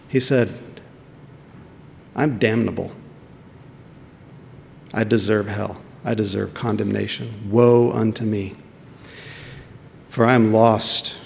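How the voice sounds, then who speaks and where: A man's voice: mid-range voice, creaky, a little hiss or hum. A man preaching a sermon, emphatic and questioning, repeating words as he searches for them. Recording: long hall reverb.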